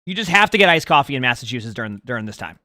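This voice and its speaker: A man's voice: mid-range voice, big pitch swings, rapid-fire, bright, forceful tone, no room sound, studio quality. A man streaming live, rambling casually and talking to his chat. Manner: rambling, chatty, talks to chat.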